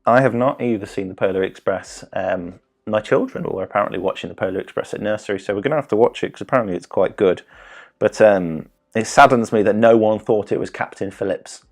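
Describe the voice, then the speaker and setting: A man's voice: on the low side, a little fast, a little mellow. A man in his thirties hosting a casual live-streamed quiz, rambling, joking and interrupting himself. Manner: rambling, self-interrupting, jokey. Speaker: quiz host.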